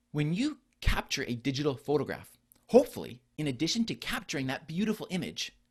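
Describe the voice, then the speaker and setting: A middle-aged man, a physician, giving an earnest conference presentation that explains ideas through rhetorical questions. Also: mid-range voice.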